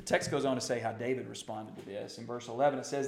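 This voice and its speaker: A man preaching a sermon, animated and building to impassioned outbursts. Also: mid-range voice, brisk, creaky, few pauses, reverberant. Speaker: pastor.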